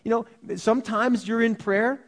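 A man preaching a sermon, teaching verse by verse in a conversational way, asking rhetorical questions and slowing down to read scripture aloud. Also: very high voice, fairly even intonation. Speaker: pastor.

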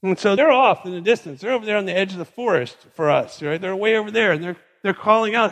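Male pastor, fairly high voice, chatty animated storytelling, long hall reverb. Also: fast talker, few pauses. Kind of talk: sermon.

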